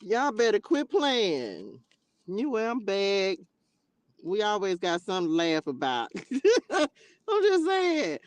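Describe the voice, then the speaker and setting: Woman livestream host at mid pitch, chatty and expressive, on a dry tablet mic. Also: measured pace, no echo. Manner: chatty and expressive, calls viewers baby and child, bursts of laughter. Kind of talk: casual livestream chat with viewers.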